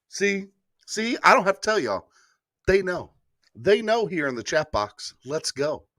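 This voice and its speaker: A man's voice: high-pitched, big pitch swings, measured pace, bright, forceful tone, no room sound, studio quality. A man hosting a live-streamed sports morning show, hyped and repeating calls to like and subscribe. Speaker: sports podcast host.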